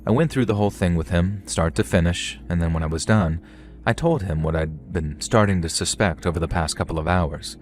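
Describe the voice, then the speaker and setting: Male horror narrator, deep low voice, steady scripted storytelling. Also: a little fast, faint music behind.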